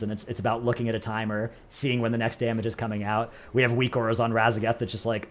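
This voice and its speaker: A man's voice: mid-range voice, level tone, quick pace, hardly any pauses, fairly bright tone, a little hiss or hum. Rambling, joking male streamer. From United States. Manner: rambling, self-mocking, joking. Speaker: streamer answering chat. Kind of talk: casual live-stream chat.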